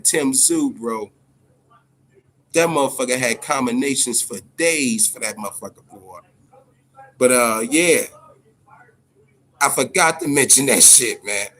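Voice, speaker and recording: A man hosting a boxing podcast, talking loosely and with lots of profanity, ending nearly every phrase with "man". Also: medium pitch. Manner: loose, profane, animated, keeps tagging "man" on every line. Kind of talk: casual profane monologue.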